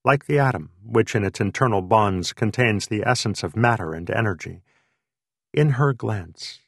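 A male audiobook narrator with a low, gravelly voice, reading in an unhurried, lyrical way. The sound is close and completely dry, with no room around it. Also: expressive, no room sound.

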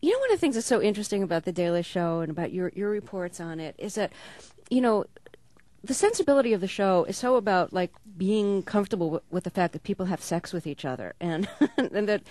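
A woman's voice: mid-range voice, lively intonation, quick pace, darkish tone, no room sound. A middle-aged woman interviewing a guest, asking curious questions and laughing often. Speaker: radio interviewer. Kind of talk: radio interview.

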